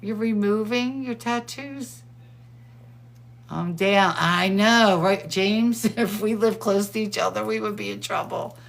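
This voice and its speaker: A middle-aged woman hosting a show, chatting casually and excitedly, laughing often. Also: mid-range voice, slow, creaky. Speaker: host. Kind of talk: casual chat.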